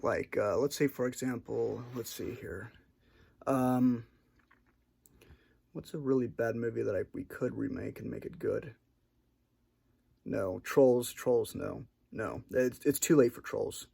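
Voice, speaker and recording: A man's voice: mid-range voice, slow, vocal fry, pauses often, mellow, slightly rough. A man talking in an unscripted solo monologue for his channel, hesitant and rambling with many restarts, self-conscious about his awkwardness. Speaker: video creator.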